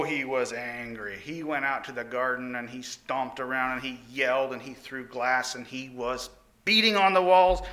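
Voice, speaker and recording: Folksy storytelling man, bright and lively delivery, sermon setting. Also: on the high side. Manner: animated, folksy retelling with exclamations.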